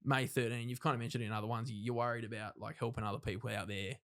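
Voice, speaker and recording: A man's voice: medium pitch, little pitch movement, racing, a bit bright. Blunt man in his thirties. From Australia. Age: 30s. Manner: rambling, self-interrupting retelling with frank swearing and acted-out quotes. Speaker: podcast guest. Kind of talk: casual interview, personal storytelling.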